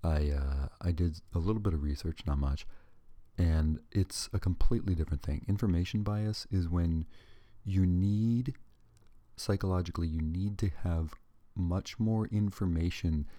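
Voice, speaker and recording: Very deep, dark-voiced man rambling. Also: no room sound. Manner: rambling and digressive, joking asides, self-correcting. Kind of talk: casual monologue.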